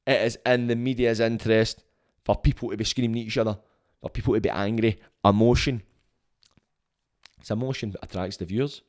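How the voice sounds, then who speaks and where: A man's voice: fairly low pitch, steady tone, brisk, long pauses, darkish tone. A young Scottish man hosting a podcast, giving a blunt, sweary, opinionated monologue that grows heated. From Scotland. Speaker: podcast host.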